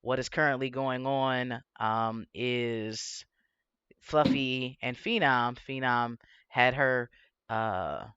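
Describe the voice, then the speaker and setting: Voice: mid-range voice, slow pace, fairly bright tone, clear, resonant tone, dry recording, lo-fi sound. Chatty lisping livestream host. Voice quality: lisp. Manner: chatty, rambling, swearing, laughs often. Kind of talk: casual livestream chat.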